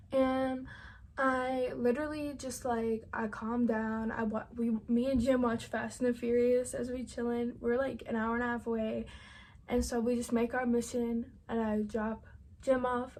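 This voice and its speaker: A woman's voice: on the high side, a little mellow, a little hiss or hum. A young woman vlogger telling a storytime to her camera, rambling casually with constant "like" and frequent swearing. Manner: rambling, heavy use of "like" and swearing.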